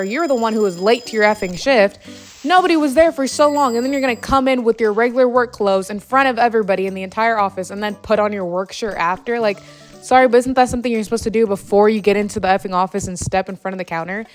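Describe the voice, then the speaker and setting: A young woman vlogger with a fairly high voice talks fast while playing a game at home late at night, soft music behind her. She tells a story as a long, exasperated, rambling rant packed with fillers, a casual gaming vent.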